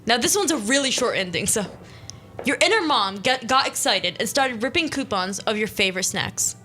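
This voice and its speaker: Young female radio host, high-ish voice, casual storyteller who keeps stopping to chat. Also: expressive, moderate pace, bright, forceful tone, a little hiss or hum. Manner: chatty, self-interrupting, reads the story aloud.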